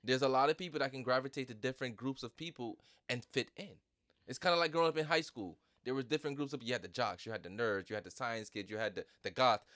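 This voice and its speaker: Quick-talking male host, persistent debater, dry sound. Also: medium pitch, fairly bright tone, no room sound. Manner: quick, argumentative, keeps pressing his point. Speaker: podcast host. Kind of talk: casual chat.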